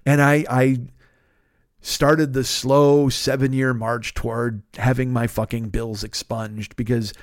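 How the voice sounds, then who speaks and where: A man in a middle pitch tells a personal story on his podcast, swearing freely and sounding fed up. The recording is dry and close, with no room around his voice. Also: flat delivery, slow, dry recording. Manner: profane, exasperated storytelling. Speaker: podcast host. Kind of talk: casual storytelling monologue. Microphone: podcast microphone.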